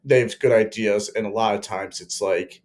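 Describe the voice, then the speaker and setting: A young man co-hosting a casual sports chat, measured and opinionated with many fillers. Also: lowish voice, steady tone, darkish tone. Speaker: podcast co-host.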